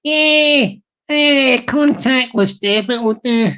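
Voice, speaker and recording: A man's voice: very high voice, takes it slowly, bright, forceful tone, muffled recording, heavily acted. A man voicing an overly polite male shop worker who keeps calling the customer sir. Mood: fawning. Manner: fawning, repeats "sir". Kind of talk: comic impression in a live stream.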